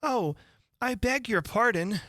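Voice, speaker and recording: A man's voice: sits high, big pitch swings, moderate pace, no echo, studio quality, pitched above the performer's own voice. A man doing a polite young girl. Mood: dismayed. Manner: lightly raised girlish voice.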